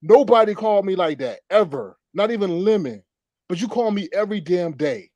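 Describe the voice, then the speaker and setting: A man's voice: sits high, animated, brisk, warm tone, no room sound. A man hosting a livestream, angrily ranting in a profane, repetitive way. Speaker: livestream host. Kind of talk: heated livestream rant.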